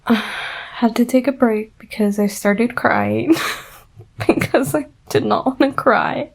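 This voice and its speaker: A woman's voice: a little high, vocal fry. A woman in her twenties, a book vlogger, giving dramatic, gushing and exasperated reactions while she reads. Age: 20s. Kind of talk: casual live reading reactions.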